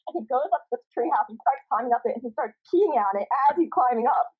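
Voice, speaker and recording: A high, lively woman tells a story, her voice bouncing up and down as she giggles and swears her way through it. She sounds breathy and husky. The audio comes through a thin, tinny video-call line. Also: fast. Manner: giggly, animated, swears freely. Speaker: guest storyteller. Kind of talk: casual anecdote telling.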